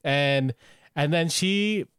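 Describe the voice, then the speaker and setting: A man's voice: a little high, very slow, a bit bright, smooth, dry recording, clean studio sound. A man co-hosting a podcast, talking casually and enthusiastically, sometimes humming tunes. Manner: enthusiastic, playful, hums theme tunes. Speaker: podcast co-host. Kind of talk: casual chat.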